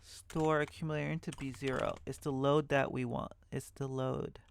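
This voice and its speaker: This man has a medium-pitched voice with vocal fry, a flat delivery, and a moderate pace. As a programming tutor in a screen-recorded assembly lesson, he thinks out loud, self-corrects, and mutters asides over a faint hiss or hum.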